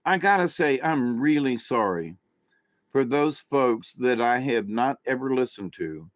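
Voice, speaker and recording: A man rambles through a casual monologue, often stopping to restart his sentences. His voice sits at a middle pitch, and the recording is dry and close. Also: animated, a little slow, no room sound. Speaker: vlogger, self-described channeler.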